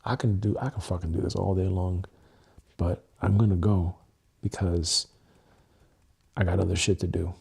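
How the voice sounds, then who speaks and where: A man's voice: deep voice, fairly even intonation, moderate pace, creaky, long pauses, a little mellow, slightly rough. A man talking alone to his camera on a livestream, earnest and emotional, swearing freely and repeating himself as he works through his feelings. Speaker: content creator. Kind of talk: solo livestream monologue, EFT tapping. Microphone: webcam mic, looking into camera.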